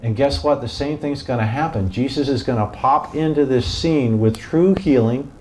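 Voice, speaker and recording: A man's voice: medium pitch, normal speed, a little hiss or hum. A man leading a Bible study as its pastor, in a casual, joking teaching style, quizzing the group and acting out bits of the story. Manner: animated, jokey, asks the group questions and acts out voices.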